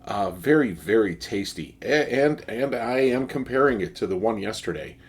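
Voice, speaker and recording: A man's voice: lowish voice, lively intonation, moderate pace, husky. A man giving a casual, enthusiastic beer tasting review, speaking with frequent fillers and restarts.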